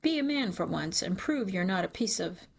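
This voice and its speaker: A woman's voice: medium pitch, expressive, normal speed, vocal fry, husky. A woman narrator voicing a cold, scornful, wounded mother in an audiobook, speaking in a clipped way.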